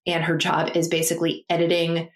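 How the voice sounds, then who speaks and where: A woman's voice: fairly low pitch, monotone, fairly quick, reverberant. A woman chatting casually about books as a podcast co-host, rambling with many fillers and restarts. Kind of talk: casual book chat.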